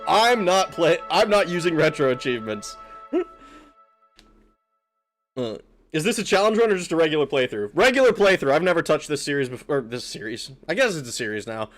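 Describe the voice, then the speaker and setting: A man with a slightly high, somewhat bright voice streams a video game, giving let's play commentary. He talks casually, swears often and laughs a lot.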